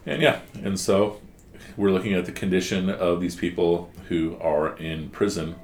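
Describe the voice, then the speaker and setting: Guy teaching one student, really deep voice, asks lots of questions, bit of room noise. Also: fairly even intonation, normal speed, darkish tone. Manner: explains patiently, asks guiding questions. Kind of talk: one-on-one class discussion.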